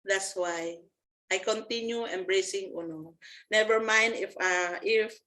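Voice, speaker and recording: A woman, giving a personal testimony as a network marketing presenter, earnest and halting with frequent restarts. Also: mid-range voice, fairly bright tone, rough recording. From Philippines.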